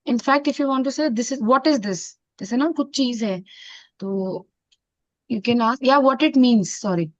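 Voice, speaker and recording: Indian lady teacher going over french phrases, kinda high voice, dull dry lo-fi sound. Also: no echo. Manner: mixes Hindi into English teaching, repeats French phrases slowly. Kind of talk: online classroom lesson.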